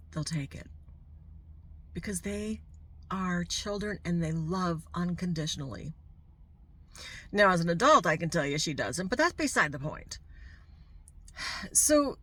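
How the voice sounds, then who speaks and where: A woman's voice: lowish voice, animated, unhurried, pauses often, fairly bright tone, slightly rough. A middle-aged woman vlogger telling a personal story to camera, candid and heartfelt, with asides to the viewer.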